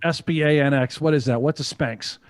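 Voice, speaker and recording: A man's voice: fairly high pitch, steady tone, a little fast, dry recording. A man co-hosting a poker stream, joking brashly and swearing freely in casual banter.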